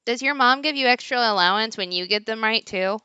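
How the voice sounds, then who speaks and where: A young woman playing a tabletop game, playful and quick to giggle. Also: fairly high pitch, sharp tone, clean tone, no room sound, muffled recording. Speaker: player. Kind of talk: casual tabletop play.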